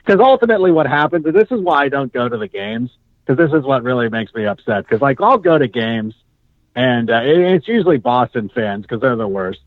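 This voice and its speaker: A man hosting a casual sports chat, rambling and animated, from Southern California. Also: mid-range voice, fairly quick, dry recording. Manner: animated, rambling, mocks fans in put-on voices. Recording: dull dry podcast audio.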